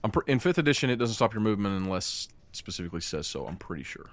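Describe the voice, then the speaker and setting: Low-voiced man running a tabletop game. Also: sing-song, dry recording. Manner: slows down for dramatic scene narration. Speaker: game master.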